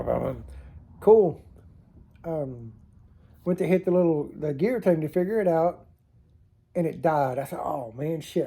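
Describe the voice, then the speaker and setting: This vlogger's voice is fairly high, gravelly and mellow as he rambles through funny stories to the camera. He laughs at himself, and the sound comes from a camera mic on a tilting rig.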